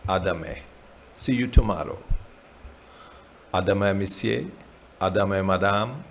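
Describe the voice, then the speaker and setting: Guy teaching beginner french, really slow, lowish gravelly voice, repeats every word. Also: slight background noise. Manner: slow, repeats words with translations. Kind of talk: slow beginner language lesson.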